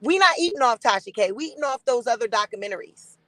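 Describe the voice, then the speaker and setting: A woman's voice: on the high side, animated, fast talker, a bit bright, no room sound, rough recording. A woman hosting a live-stream gossip commentary, blunt and defiant, swearing freely and greeting chat viewers by name.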